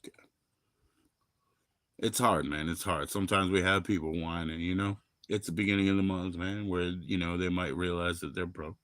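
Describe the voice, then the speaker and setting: This is a middle-aged man from Maryland chatting on his livestream, wandering between topics and swearing freely. His voice sits on the low side, and it is captured dry with no room sound. He flares up loud, then sinks back to a mumble. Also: steady tone, moderate pace, dry recording. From Maryland, USA. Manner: rambling, profane, loud bursts then mumbling. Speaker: livestream host. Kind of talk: rambling casual livestream chat.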